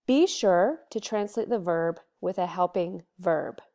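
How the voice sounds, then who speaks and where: A Latin teacher, a woman, giving a recorded study lesson and explaining grammar step by step, slowing down and stressing each example word. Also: on the low side, warm tone. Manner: slow, deliberate explaining with stressed example words.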